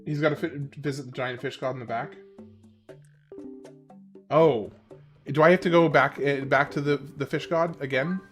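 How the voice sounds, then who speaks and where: A man's voice: fairly high pitch, fairly even intonation, normal speed, long pauses, a bit bright, faint music behind. A man from Oklahoma with a Southern accent, streaming a game and chatting casually with his viewers on a headset mic, laid-back and often chuckling. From Oklahoma, USA. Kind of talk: casual live-stream chat while playing.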